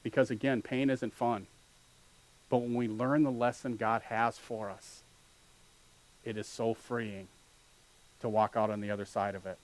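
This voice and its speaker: A man preaching a sermon as pastor, earnest and building to loud animated peaks. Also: fairly low pitch, unhurried, pauses often, low-quality recording.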